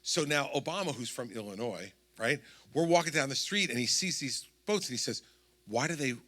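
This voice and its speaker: A man in his sixties with a New Jersey accent tells a long story to a town hall crowd as part of an anecdotal campaign speech. His bright, forward voice sits at a plain middle pitch, with lively intonation and a fairly quick pace, and he acts out each quoted line.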